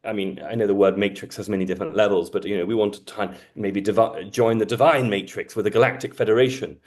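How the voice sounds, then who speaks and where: A man's voice: on the low side, fairly even intonation, quick pace, a little mellow. A man from Britain, an astrologer talking in an earnest, reflective, teaching way. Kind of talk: casual conversation.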